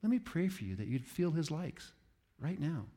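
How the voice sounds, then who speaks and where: A man preaching to a room of pastors, telling stories in an animated, self-aware way. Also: on the high side, moderate pace, big-room sound. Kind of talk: sermon to pastors.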